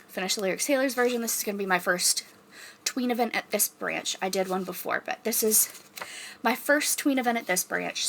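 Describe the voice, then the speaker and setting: Bright, chatty young woman. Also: mid-range voice, creaky, a little hiss or hum. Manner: rambling, chatty, with many fillers and restarts. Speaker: vlogger. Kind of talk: casual vlog chat.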